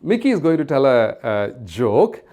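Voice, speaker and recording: A woman leading a children's puppet show, talking in a gentle, coaxing way and repeating things for the children. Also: a bass voice, very animated, normal speed. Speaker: children's church teacher.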